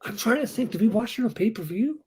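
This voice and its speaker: A man's voice: high voice, quick pace, slightly rough. A man in his twenties co-hosting a casual wrestling chat, telling stories and acting out quotes. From Denver, Colorado. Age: 20s. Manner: animated storyteller, acts out quotes. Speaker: podcast co-host.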